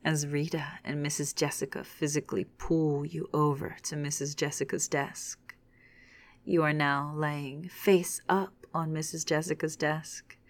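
Woman reading a story half whispered, deep voice with lots of vocal fry. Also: no room sound. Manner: hushed, unhurried reading. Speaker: narrator. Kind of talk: whispered second-person adult storytelling.

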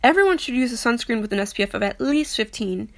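A woman's voice: on the high side, expressive, quick pace, vocal fry, fairly bright tone. A young woman in casual vlog talk, chatty and self-deprecating, often stumbling as she reads aloud. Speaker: vlogger. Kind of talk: casual chat, reading aloud.

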